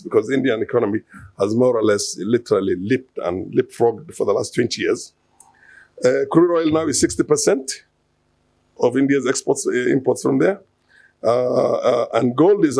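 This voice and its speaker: A man's voice: medium pitch, creaky, darkish tone, no echo. A man giving an unscripted conference talk, hesitant, with many fillers and restarts, asking the audience rhetorical questions. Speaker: conference speaker.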